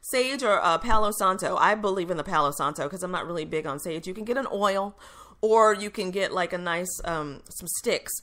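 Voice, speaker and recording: A middle-aged woman hosting a solo radio talk show, her voice bright and forward in tone. She rambles in an easy, upbeat way, sprinkling in fillers and restarting her sentences as she answers listener questions. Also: lowish voice, moderate pace. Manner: chatty, upbeat, frequent fillers and self-corrections. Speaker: radio show host and intuitive reader.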